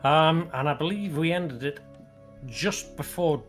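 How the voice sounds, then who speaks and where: A man's voice: fairly high pitch, unhurried, a bit bright, soft background music. Joking, foul-mouthed male player. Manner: loose, joking, heavy swearing. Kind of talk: casual recap chat.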